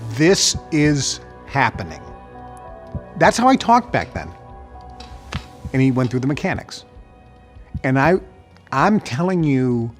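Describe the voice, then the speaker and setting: A man giving a motivational talk, telling his story with lively, animated delivery and acting out his old stutter. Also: mid-range voice. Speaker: motivational speaker.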